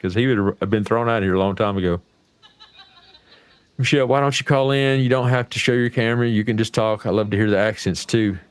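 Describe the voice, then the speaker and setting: A fairly low-pitched American man chats casually as the host of a livestream. His talk is folksy and salty, and it rambles from one point to the next. The sound is dry and close, with no room echo. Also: fairly quick, clean tone. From United States.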